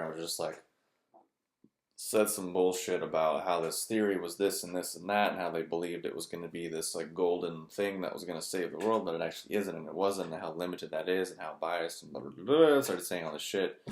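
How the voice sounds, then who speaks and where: Deep-voiced man, blunt and profane. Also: a little mellow. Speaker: vlogger. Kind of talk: candid personal monologue. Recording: roomy echo.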